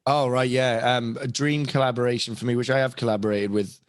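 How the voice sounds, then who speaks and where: A man's voice: medium pitch, fairly even intonation, a little fast, no echo, clean studio sound. A young British man with a British accent, a voice actor and impressionist chatting on a podcast in a rambling, self-deprecating way with many restarts. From Britain. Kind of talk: casual podcast chat.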